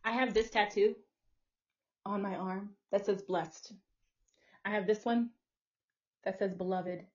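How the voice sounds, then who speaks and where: A woman's voice: mid-range voice, fairly even intonation, measured pace, darkish tone. A woman hosting a podcast, delivering a live, profane, confrontational rant in a preachy tone. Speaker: podcast host. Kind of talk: live ranting monologue. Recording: muffled lo-fi audio.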